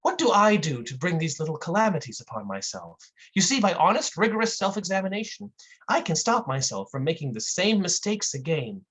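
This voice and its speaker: A performer voicing a smug bystander who lectures a trapped victim about self-help instead of helping, slow and condescending. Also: mid-range voice, big pitch swings, fairly bright tone, husky. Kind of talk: comic performance piece.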